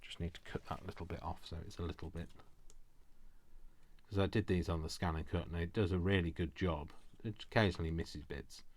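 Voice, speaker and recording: A man's voice: deep voice, steady tone, a little fast. A man chatting casually and rambling with self-mocking asides while he makes a craft journal. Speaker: craft vlogger.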